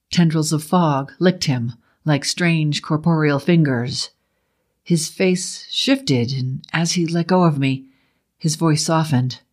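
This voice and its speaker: A man narrating a first-person horror story in a steady, measured way. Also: fairly high pitch.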